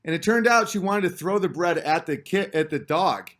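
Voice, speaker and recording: A man with a slightly higher-than-usual voice rambles through comic stories on his livestream. He is chatty and self-mocking, and keeps slipping into other people's voices when he quotes them. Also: normal speed, a bit bright. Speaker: comedian hosting a livestream.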